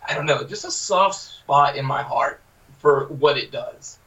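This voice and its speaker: A man co-hosting a casual podcast, telling anecdotes in an animated way. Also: medium pitch, a little slow, creaky, recorded from a distance, low-quality recording. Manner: animated storyteller. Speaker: podcast co-host.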